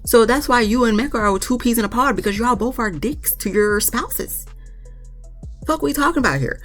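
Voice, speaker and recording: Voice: mid-range voice, moderate pace, faint music behind. A reviewer recapping a reality show in casual chat, ranting bluntly with plenty of swearing and acting out what others said. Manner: blunt, profane, animated ranting; often acts out quotes of others.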